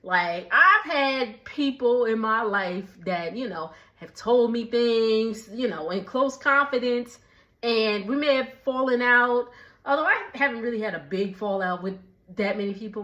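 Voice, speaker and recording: A woman with a slightly high voice recaps a TV episode in a relaxed, unhurried way. She chats casually and breaks into laughter often between remarks. The audio sounds a little dull and muffled. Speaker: recap vlogger.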